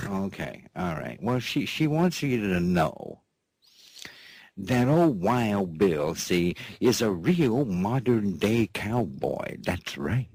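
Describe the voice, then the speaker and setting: Deep drawling folksy man. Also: big pitch swings, takes it slowly, darkish tone, breathy edge. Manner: drawling, repeats "that's right", chuckles between phrases; playful cowboy-style banter with an off-mic partner. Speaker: host of a news and commentary show. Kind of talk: folksy comic monologue.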